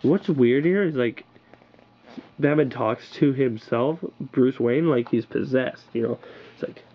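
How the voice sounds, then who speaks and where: A man's voice: medium pitch, measured pace, dull audio. A man reviewing comic books on camera in a loose, rambling, enthusiastic way, full of filler words. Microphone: built-in camera mic.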